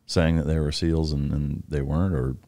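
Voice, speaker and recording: A man's voice: rumbling low, steady tone, moderate pace, warm tone. A man hosting a podcast, reacting briefly and asking his guest long open questions. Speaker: podcast host. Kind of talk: interviewing a guest.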